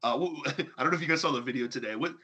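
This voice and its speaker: A man's voice: medium pitch, very fast, pushed and bright, husky. A man hosting a talk show, ranting sarcastically and with heavy emphasis. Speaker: podcast host. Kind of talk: heated opinion talk.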